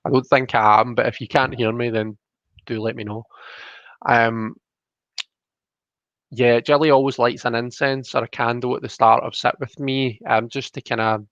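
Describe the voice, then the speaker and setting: Gravelly man, quick mumbling stream talk. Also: medium pitch, little pitch movement, fairly bright tone, dry recording. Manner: talks fast and mumbles when absorbed. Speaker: tarot reader and live-stream host. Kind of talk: casual live-stream chat while reading cards. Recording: dry, dull lo-fi sound.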